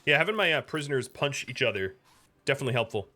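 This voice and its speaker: A man's voice: medium pitch, expressive, fast talker, pushed and bright. An American man from the United States giving casual, chatty commentary while streaming a game, talking to viewers between moves. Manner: chatty, talks to chat and to his pet between game moves.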